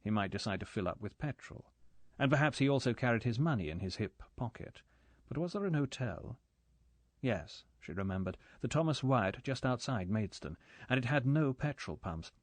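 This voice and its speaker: A man's voice: medium pitch, animated, moderate pace, no room sound. Man narrating a spy thriller. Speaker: audiobook narrator. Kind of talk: scripted narration.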